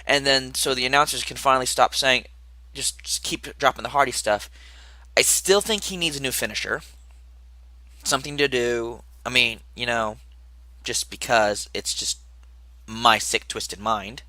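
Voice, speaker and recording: A man's voice: medium pitch, unhurried, pushed and bright, no echo. A young man recapping a wrestling show in a casual, rambling podcast style, with asides and muttered remarks.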